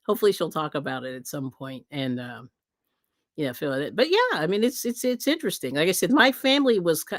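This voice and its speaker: A woman's voice: sits low, animated, fairly quick, no room sound, clean studio sound. A woman hosting a livestream, chatting casually with viewers, rambling with many fillers and frequent laughs. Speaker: livestream host.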